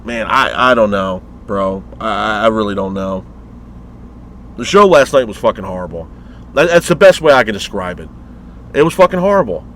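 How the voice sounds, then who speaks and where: A man's voice: on the low side, lively intonation, moderate pace, fairly bright tone, a little hiss or hum. A man reviewing a wrestling show in a frustrated, profane rant, full of rhetorical questions and repeated complaints. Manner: profane, exasperated ranting. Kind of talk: ranting vlog review.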